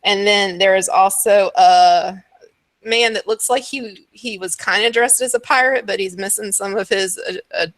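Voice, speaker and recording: A woman narrating as dungeon master in a tabletop game, laughing often and filling pauses with "um". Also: mid-range voice, no echo. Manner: laughs often, hesitant with fillers.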